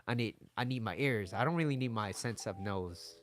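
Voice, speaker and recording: A man's voice: on the low side, normal speed. Blunt, laughing man giving dating advice. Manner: laughing, acts out both sides of conversations; blunt, swears freely. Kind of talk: casual advice monologue.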